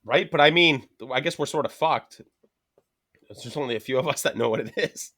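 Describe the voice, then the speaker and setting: A man's voice: mid-range voice, brisk. A man with a Canadian accent chatting casually on a podcast, swearing freely and laughing often as he tells stories. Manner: profane, laughing often, animated storytelling. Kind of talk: casual chat.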